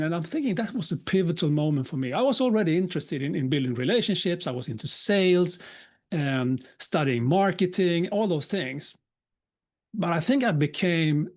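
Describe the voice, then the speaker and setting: A man, giving a live talk as a speaker and telling a personal story with humor and quick asides. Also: a little high, darkish tone. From Sweden. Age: 50s. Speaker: keynote speaker.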